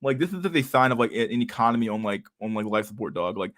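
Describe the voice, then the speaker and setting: A man's voice: lowish voice, animated, fast, a bit bright. Rambling, profane male streamer. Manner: rambling, profane, laughs often, mock outrage. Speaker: livestream host. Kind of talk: casual chat with live viewers.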